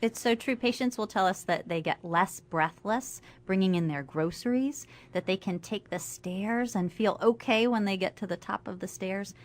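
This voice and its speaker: A woman, a family doctor, guest on a radio interview, explaining health facts clearly and with enthusiasm. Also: medium pitch, moderate pace, hardly any pauses. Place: radio studio.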